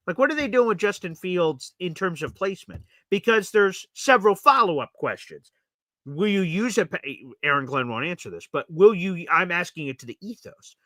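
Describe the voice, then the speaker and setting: This is a male sports talk host reacting live, blunt and opinionated. His voice sits a little high and swings up and down with energy. It sounds bright and punchy, recorded close in a dry space. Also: no echo. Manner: animated, blunt, opinionated, swings between excited and mutter.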